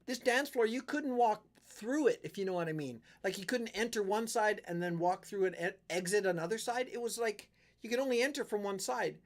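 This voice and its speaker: A man's voice: sits high, fairly quick, few pauses. A middle-aged man from western Canada telling a rambling story on his live stream, acting out what people said. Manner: rambling, animated storyteller who acts out quotes.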